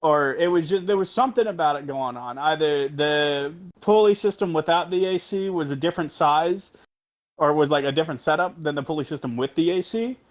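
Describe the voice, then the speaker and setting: A man's voice: fairly high pitch, brisk, muffled recording. A young man, co-host of a podcast, telling a long, profane, rambling story about a customer at his parts store. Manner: rambling, profane, full of fillers. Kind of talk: casual storytelling.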